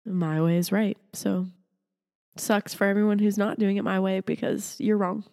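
A woman's voice: medium pitch, fairly even intonation, moderate pace, darkish tone, big-room sound. A woman co-hosting a podcast in casual chat, laughing and teasing a lot, and sick right now. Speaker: podcast co-host.

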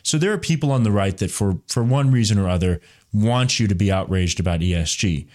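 A man's voice: on the low side, lively intonation, a little fast, darkish tone. A man hosting a solo political commentary podcast, talking in a rambling way with frequent restarts and fillers. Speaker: podcast host.

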